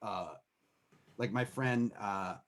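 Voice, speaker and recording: A man's voice: fairly low pitch, slow pace, fairly bright tone. A man hosting a live music stream, chatting casually with hesitant fillers and restarts. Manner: sings with a soaring voice, then talks with hesitant fillers and restarts. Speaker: host.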